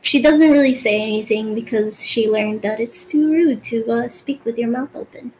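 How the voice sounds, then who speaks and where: A woman game master slowly describing a scene, with frequent hesitations. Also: on the high side, a little mellow, a little hiss or hum, low-quality recording. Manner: slow, hesitant, with fillers.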